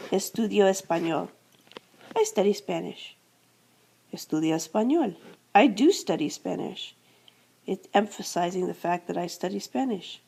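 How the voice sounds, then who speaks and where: With a mid-range, creaky voice that is dark and slightly rough, this Spanish teacher from the United States walks through a grammar lesson step by step. She repeats the verb endings and poses questions only to answer them herself, classroom style.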